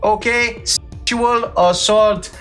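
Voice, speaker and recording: A man's voice: sits high, steady tone, slow, a bit bright, soft background music, pitched above the performer's own voice. A man putting on an exaggerated, sing-song fake Mexican accent to parody a woman politician. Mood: mocking.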